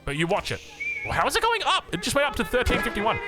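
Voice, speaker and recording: Excitable Australian man casting a game. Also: very high-pitched, quick pace, loud music behind the voice. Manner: excitable, chatty, jokes and digresses. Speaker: game caster. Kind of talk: live strategy game commentary.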